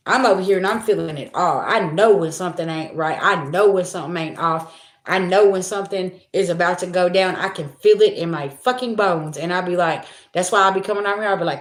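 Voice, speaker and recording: A woman with a voice on the low side talks briskly through a spiritual reading for her viewers. It's a casual, blunt, profane monologue where she repeats herself to drive points home, captured in an echoey room.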